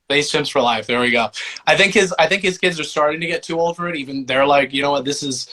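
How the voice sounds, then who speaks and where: A man's voice: a little high, fast talker, pushed and bright. A young man, a voice actor and musician, talking in a laid-back, rambling way full of fillers during a casual interview.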